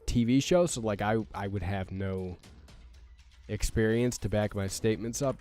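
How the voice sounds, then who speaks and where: This let's-play rant comes from a young man hosting a gaming channel, his voice lowish and darkish. He swears a lot, rambles in frustration, and keeps stammering and starting over.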